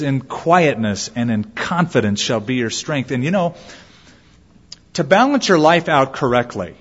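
A man's voice: fairly high pitch, fairly bright tone. A man preaching a sermon as a pastor, acting out quoted voices as he goes. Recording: lo-fi with long hall reverb.

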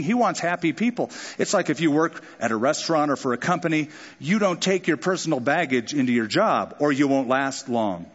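A man preaching a sermon, walking through a scripture passage and breaking into asides and acted-out lines. His voice sits a bit high for a man. The sound is dull and muffled, and a long reverb trails through a large hall. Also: breathy edge. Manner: expository preaching with quick asides and acted-out quotes. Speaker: pastor.

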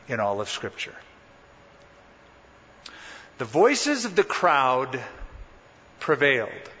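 A man's voice: fairly high pitch, sharp tone. A man preaching a sermon as pastor, emphatic and dramatic, stretching out key words. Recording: muffled sound in a reverberant hall.

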